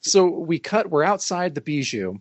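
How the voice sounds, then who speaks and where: A man's voice: a little high, moderate pace, no room sound. Enthusiastic man in casual podcast chat. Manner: enthusiastic, animated retelling. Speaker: podcast panelist.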